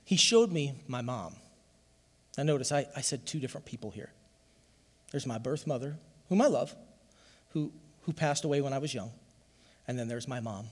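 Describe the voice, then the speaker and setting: A man preaching a sermon to his church, telling a personal testimony in an emotional, emphatic way that swells to loud emphasis. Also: mid-range voice, moderate pace, long pauses, big-room sound. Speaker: pastor.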